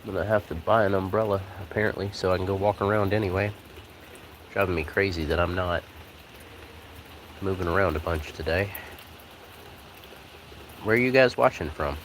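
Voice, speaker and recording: A man chatting casually on a live stream from a porch, talking to his cats and his viewers in a relaxed, rambling way. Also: sits low, normal speed, long pauses, low-quality recording. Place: outdoors on a porch in the rain. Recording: rain noise outdoors. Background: rain.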